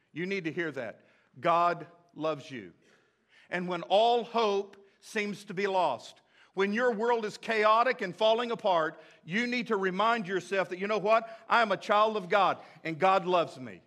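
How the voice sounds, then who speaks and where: A man preaching a sermon as pastor, repeating key phrases and swinging between loud emphasis and hushed moments. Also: high-pitched, normal speed. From United States.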